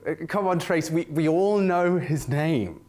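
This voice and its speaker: A man's voice: on the high side, unhurried, darkish tone, natural voice. An actor playing a flustered man hosting an interview, who stammers and trips over his words.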